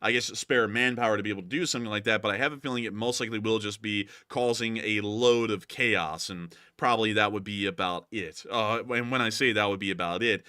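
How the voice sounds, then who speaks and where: Bright-voiced male livestream news host. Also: lowish voice, brisk, few pauses, clean tone, no echo, studio quality. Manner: chatty, explanatory, many fillers. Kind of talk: livestream commentary.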